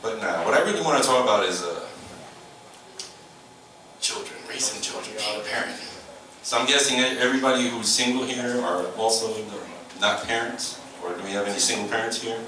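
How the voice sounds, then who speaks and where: A man's voice: lowish voice, brisk. A man doing a stand-up comedy set, profane and teasing the crowd, acting out voices. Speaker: stand-up comic. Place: comedy club. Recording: echoey club from far off with room noise.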